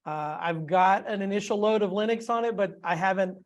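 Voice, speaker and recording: A man co-hosting a casual chat, playful and enthusiastic, quick to laugh. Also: sits high. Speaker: podcast co-host.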